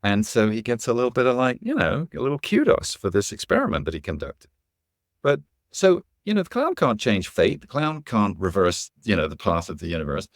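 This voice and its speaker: Deep-voiced man telling a story. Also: brisk, dry recording, clean studio sound. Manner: animated, acts out quoted voices. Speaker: guest, actor and educator. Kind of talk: storytelling in a podcast interview.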